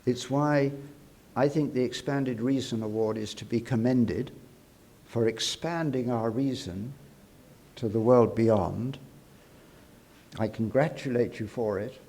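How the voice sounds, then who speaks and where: Man, conference speaker, measured and reflective, mid-pitched voice, podium microphone, frequent fillers. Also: mellow. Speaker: award-winning speaker at an academic congress. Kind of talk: prepared conference speech. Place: university congress room.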